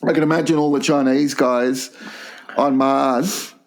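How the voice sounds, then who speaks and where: A man's voice: medium pitch, steady tone, vocal fry. A man co-hosting a crude comedy podcast, telling rambling stories and laughing at his own jokes. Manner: slow, rambling storytelling with laughs. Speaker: podcast co-host.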